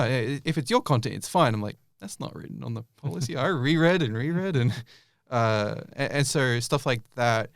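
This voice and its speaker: Man, interview guest, rambling with fillers, smooth clear voice, dry close sound. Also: medium pitch, no echo. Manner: rambling, many fillers and restarts. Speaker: YouTube creator guest. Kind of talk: casual interview answers.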